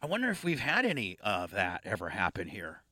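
A man's voice: deep voice, huge pitch swings, brisk, pushed and bright, dry recording. A man hosting a radio talk show, joking and rambling in casual studio banter.

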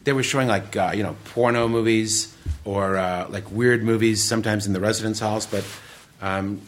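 A middle-aged filmmaker from the Detroit area, a man telling casual anecdotes with lively acted quotes. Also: lowish voice, moderate pace. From Detroit area, USA. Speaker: filmmaker guest. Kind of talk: casual storytelling.

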